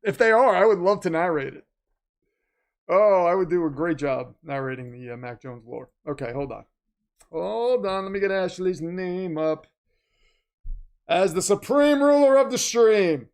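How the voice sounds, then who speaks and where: Excitable high-voiced male streamer. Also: unhurried. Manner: excitable, talkative, jumps between loud and quiet. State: nervous and keyed up. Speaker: livestream host reading super chats. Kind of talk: casual livestream chat.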